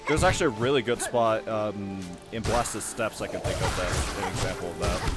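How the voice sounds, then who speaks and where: A man's voice: fairly low pitch, moderate pace, over loud music. Giggly man commentating gameplay. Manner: giggly, chatty, easily amused. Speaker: gaming video host.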